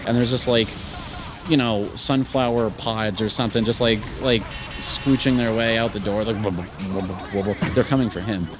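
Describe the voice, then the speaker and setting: A man's voice: medium pitch, steady tone, normal speed, music in the background. A man chatting on a gaming podcast, rambling through an improvised story with swearing and laughter. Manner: profane, laughing, acts out bits in sudden shouted voices.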